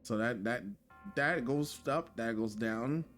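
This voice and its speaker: A man streaming a game live, talking to his chat in a jokey, excitable way and repeating himself when flustered. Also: mid-range voice, slow, soft background music. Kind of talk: live gameplay commentary.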